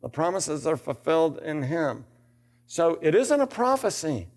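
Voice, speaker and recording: A man's voice: fairly high pitch, sing-song, measured pace, darkish tone. An older man giving a theology lecture in a classroom, reading scripture aloud and asking rhetorical questions, building to emphatic bursts.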